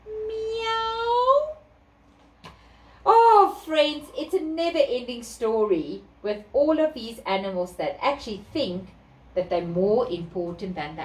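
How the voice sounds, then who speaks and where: A woman with a South African accent reading an animal story to children in an animated way. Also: mid-range voice. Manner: animated, slow, sing-song. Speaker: children's storyteller at a therapy centre. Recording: echoey room, distant mic.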